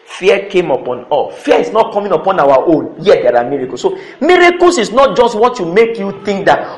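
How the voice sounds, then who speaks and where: High-voiced preacher in an echoey church. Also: male voice, very animated, brisk, hardly any pauses. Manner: emphatic, repeats key words, calls for responses. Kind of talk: sermon.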